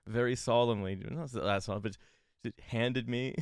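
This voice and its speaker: A man from Canada, a comedy podcast co-host, telling a rambling story with halting restarts and frequent laughs. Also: mid-range voice, fairly even intonation, smooth, no echo, studio quality. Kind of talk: casual comedic chat.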